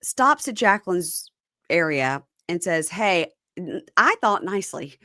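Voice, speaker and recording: Female co-host, young adult, low-pitched, dry close sound, retells scenes with quoted voices. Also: a little slow, no echo. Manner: retells scenes, quoting people in lively voices. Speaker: podcast co-host recapping a reality show. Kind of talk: casual chat.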